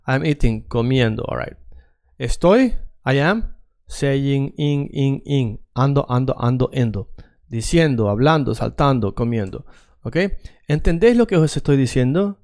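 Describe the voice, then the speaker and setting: Smooth-voiced man drilling phrases. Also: mid-range voice, animated, moderate pace, darkish tone. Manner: repeats phrases for drilling, coaxing learners to say them along. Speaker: Spanish teacher. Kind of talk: language drill lesson.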